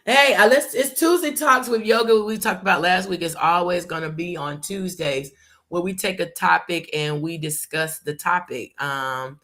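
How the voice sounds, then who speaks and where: Woman, host, bright tense voice, lowish pitch, emphatic, repeats herself, casual live talk. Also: normal speed. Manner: repetitive and emphatic, addresses listeners as y'all.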